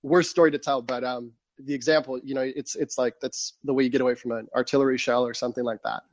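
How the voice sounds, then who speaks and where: A man's voice: mid-range voice, fast, no echo, highs cut off. Man telling war stories, close and dry. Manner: animated, acts out his past self. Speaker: guest. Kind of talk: casual storytelling.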